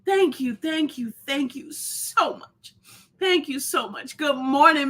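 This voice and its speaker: A woman's voice: high voice, slow pace, fairly bright tone. A woman hosting a live stream in casual chat, effusive and rambling, greeting viewers by name. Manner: rambling, many fillers and restarts. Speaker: host of a live show.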